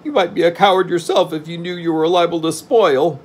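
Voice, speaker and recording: A man doing a squeaky, fretful pumpkin-headed fellow. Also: moderate pace, a little mellow, close to an everyday voice. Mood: fearful. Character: fearful male pumpkin-headed man, anxious.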